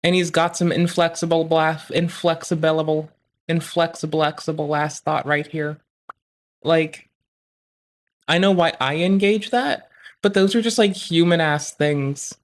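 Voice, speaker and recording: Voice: mid-range voice, fairly even intonation, unhurried. A streamer reacting to a clip live, rambling and swearing with many fillers. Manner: rambling, profane, lots of fillers.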